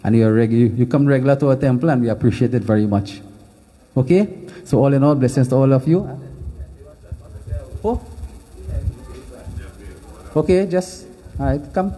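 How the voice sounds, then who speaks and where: A man's voice: mid-range voice, moderate pace, long pauses, mellow. A man leading a temple celebration, making rambling, informal announcements and birthday wishes. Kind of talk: hosting a religious gathering. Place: temple hall.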